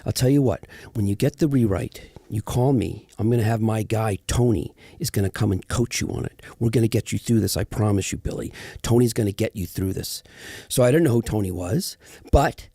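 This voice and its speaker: With a husky, lowish voice and a fairly quick pace, a middle-aged actor guest spins stories in a casual interview. He animatedly imitates the people he quotes, and the audio is studio quality with no echo.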